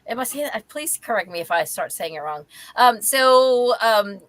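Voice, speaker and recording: A woman's voice: a little high, animated, moderate pace, fairly bright tone, no echo. A woman hosting a casual live book chat over a video call, chatty with frequent ums and easy laughter. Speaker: host of a live reading chat.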